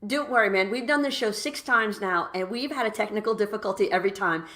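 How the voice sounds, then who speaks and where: A woman's voice: mid-range voice, fast talker, fairly bright tone. Upbeat woman hosting a live podcast. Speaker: podcast host.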